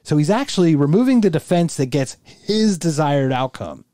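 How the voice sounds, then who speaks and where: Podcast dude just chatting, mellow low-key tone, dry close sound. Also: male voice, big pitch swings, normal speed, no room sound. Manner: rambling, restarts a lot, mimics the people he talks about. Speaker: podcast co-host. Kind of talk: casual chat.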